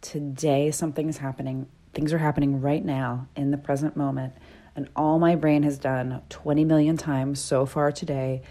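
A woman hosts her own podcast in a relaxed, earnest way. Her voice sits low and mellow, and she sometimes sinks to a soft whisper before coming back up. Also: normal speed. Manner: earnest, animated, drops to soft whispers at times. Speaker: podcast host. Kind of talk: casual solo podcast talk.

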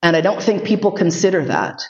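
A woman's voice: on the low side, very animated, brisk, gravelly, a little mellow. A woman giving a casual lecture and taking questions, joking often and swearing freely. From United States. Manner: joking, profane, frequent laughs. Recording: echoey room, dull lo-fi sound.

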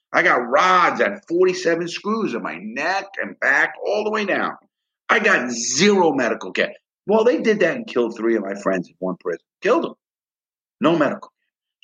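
A man's voice: medium pitch, bright, forceful tone, dull audio. A middle-aged man, a former prisoner, telling a heated story of his time inside in blunt, profane words. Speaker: interview guest, former prisoner. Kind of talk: emotional storytelling interview.

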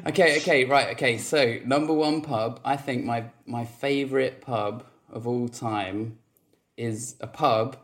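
A man's voice: medium pitch, steady tone, a little slow, a bit bright. Rambling, self-mocking young man. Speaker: podcast guest. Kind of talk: casual chat.

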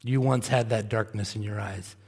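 A male pastor preaching a sermon, earnest, swinging from quiet, slow stretches to emphatic bursts. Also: fairly low pitch, steady tone, husky, in a large hall. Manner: earnest, rising to emphatic bursts then dropping soft and slow. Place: church sanctuary.

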